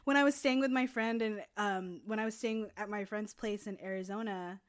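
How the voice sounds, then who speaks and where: A woman co-hosting a podcast, telling stories in animated bursts and laughing often. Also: medium pitch, moderate pace. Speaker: podcast co-host. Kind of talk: casual chat among friends.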